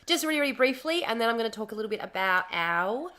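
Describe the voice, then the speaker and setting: Live streamer, Australian woman, bit raised pitch, bright tense tone, slightly hoarse, chatty and repetitive. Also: quick pace. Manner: chatty, repeats words, greets viewers excitedly. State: slightly hoarse, recovering from lost voice. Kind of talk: casual live stream chat.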